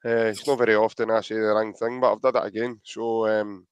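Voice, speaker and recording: A man's voice: fairly low pitch, little pitch movement, a little fast, clean tone, no room sound. A young man with a Scottish accent co-hosting a live podcast, joking around and reading out viewer comments in a casual chat. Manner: jokey, chatty, reads out viewer comments. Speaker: podcast co-host.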